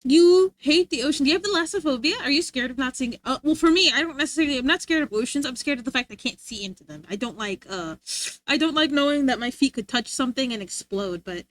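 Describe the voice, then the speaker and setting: A woman's voice: high voice, expressive, fast talker, fairly bright tone. A young adult woman livestreamer chatting casually, rambling and giggling as she reads chat aloud. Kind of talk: casual live-stream chat.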